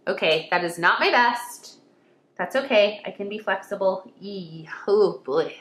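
A woman's voice: medium pitch, sing-song, unhurried, a bit bright, echoey room. A woman teaching kindergarten children in an online lesson, exclaiming and sing-song as she talks to them as friends.

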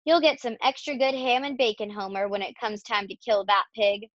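A woman's voice: a little high, steady tone, normal speed, dry recording, highs cut off, lightly acted. A woman voicing a hearty middle-aged farmer in a storybook.

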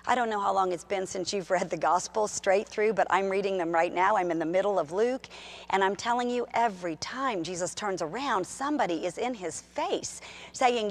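Brief: middle-aged woman preacher, gravelly, conversational sermon with animated storytelling. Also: mid-range voice, moderate pace. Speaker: pastor.

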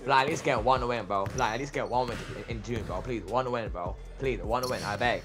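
A young man streaming a reaction, talking casually and excitably, trash-talking his chat and saying "bro" constantly. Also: medium pitch, brisk, music in the background. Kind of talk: casual livestream reaction talk.

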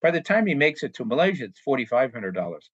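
An earnest man talks plainly and steadily, laying out his points one by one. His voice sits at an ordinary middle pitch. The recording is dry and slightly dull. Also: big pitch swings, fast, slightly rough, dry recording. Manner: earnest, plain-spoken, acts out short quoted exchanges. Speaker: anti-trafficking speaker. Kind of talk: explanatory talk with acted-out dialogue.

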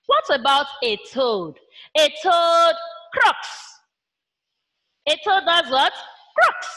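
Nigerian woman teacher, very high voice, slow, sing-song call-and-response, children's science class. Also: expressive, sharp tone. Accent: Nigerian English. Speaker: primary school teacher. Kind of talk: children's online science lesson.

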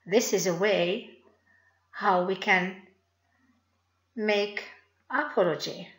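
A woman with a Moroccan accent, a native Arabic speaker, teaching an online English lesson in a slow, deliberate way and praising her learners. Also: medium pitch, fairly bright tone. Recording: roomy echo.

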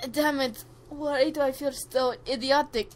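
A woman's voice: sits high, fairly even intonation, unhurried. A woman voicing a hot-tempered, foul-mouthed young Italian man in a fan-made game. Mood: angry. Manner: cursing, grumpy, shouting accusations.

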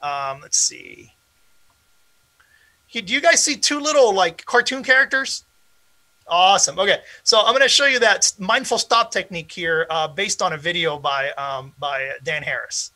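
Presenting at an educators' conference, this man leads an interactive online teacher workshop via video call. His high voice is expressive and sharp at a moderate pace, and his casual, encouraging delivery is peppered with fillers.

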